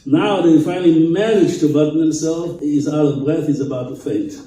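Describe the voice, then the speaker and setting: Animated rabbi telling a story in an echoey hall. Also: male voice, a little high, a little fast. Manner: animated storyteller, chuckles at his own story, rises to emphatic peaks. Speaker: rabbi giving keynote speech. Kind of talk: storytelling speech to an audience. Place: event hall in Israel. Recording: very echoey hall, speaker far from mic.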